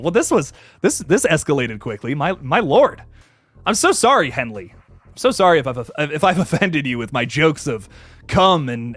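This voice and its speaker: A man hosting a horror livestream, chatting casually and reading viewer comments, excitable and profane, laughing often and swinging from low mumbles to loud bursts. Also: dry recording.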